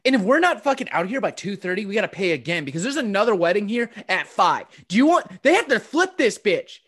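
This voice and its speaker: Dude cohosting a podcast, swears a lot, voice jumps all over the place. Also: male voice, fast, breathy edge. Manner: profane, joking banter, lively pitch swings. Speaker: podcast co-host. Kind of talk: casual chat.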